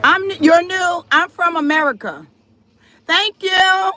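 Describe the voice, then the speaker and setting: A woman's voice: very high voice, takes it slowly, sharp tone, no room sound. A woman hosting a live stream, chatting casually with viewers and reading their comments aloud, firm about respect in her chat. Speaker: livestream host.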